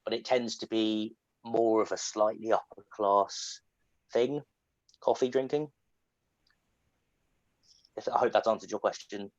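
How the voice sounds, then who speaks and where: Low-voiced English man, relaxed explainer. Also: unhurried, pauses often, no echo. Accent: standard southern English. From England. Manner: relaxed, explanatory, with frequent fillers and restarts. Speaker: guest answering questions. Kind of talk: casual online Q&A. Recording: dull lo-fi call audio.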